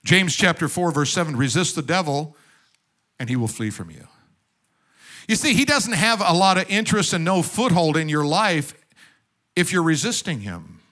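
A man preaching a sermon in a conversational way, asking the audience questions and dropping into soft, quiet asides. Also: fairly high pitch, very animated, moderate pace. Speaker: pastor.

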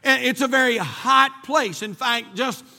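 A man's voice: extremely high pitch, a little slow, creaky, bright, forceful tone, in a large hall, soft background music. A man from North Carolina, preaching a sermon and telling a folksy personal story with many restarts. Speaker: pastor.

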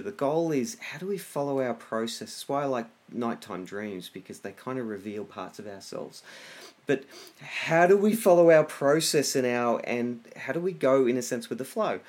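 A middle-aged man giving casual wellness advice, lively, often acting out inner voices. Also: mid-range voice. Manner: animated, acts out inner voices.

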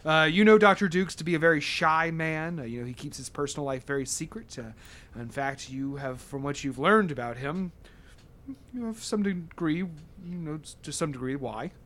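A man's voice: on the high side, lively intonation, normal speed, a bit bright, a little hiss or hum. A man narrating as game master in a casual, rambling way with many fillers and some swearing.

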